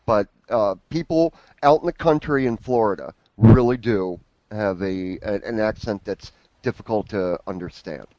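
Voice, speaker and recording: A man's voice: on the low side, moderate pace, mellow, dry recording, dull audio. A man from the United States chatting casually, hesitant and stumbling over restarts. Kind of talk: casual chat.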